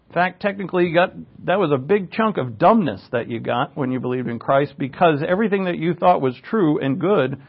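A man preaching a conversational Bible lesson, his slightly high voice roughened with gravel. He breaks into asides and corrects himself, leaning hard on key words, and the recording sounds dull and lo-fi. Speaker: pastor teaching scripture. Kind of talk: conversational verse-by-verse sermon.

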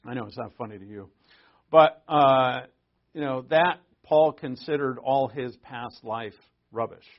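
A man teaching a Bible study in a conversational way, with offhand asides, swinging between loud emphasis and quiet remarks. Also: medium pitch, measured pace. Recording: dull lo-fi recording.

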